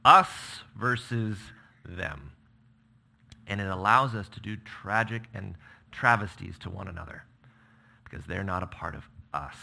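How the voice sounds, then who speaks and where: A man's voice: fairly low pitch, gravelly, bright, forceful tone. A man preaching a sermon, reading scripture with emphatic, dramatic delivery. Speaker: pastor.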